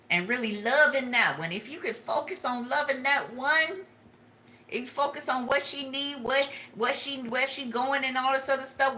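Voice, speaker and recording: Bright-voiced, profane woman reading tarot. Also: fairly high pitch. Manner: profane, animated, laughs often. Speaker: tarot reader.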